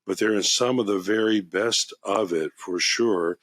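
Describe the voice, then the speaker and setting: A man hosting a wine podcast in casual chat, an enthusiastic, rambling storyteller who gets excited about his subject. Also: fairly low pitch, unhurried, dry recording. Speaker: wine shop podcast host.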